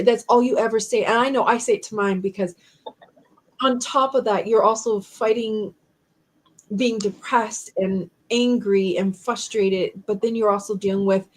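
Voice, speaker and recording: A woman's voice: mid-range voice, fairly even intonation, moderate pace, rough recording. A woman hosting a live-stream chat, talking in an earnest, emotional and empathetic way. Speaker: host.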